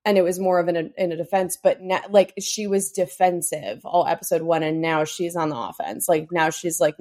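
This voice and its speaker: A woman's voice: on the low side, moderate pace, few pauses, a little mellow. A woman, co-hosting a casual TV recap podcast, chatty and swearing freely, with lots of "like" and "um". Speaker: podcast co-host.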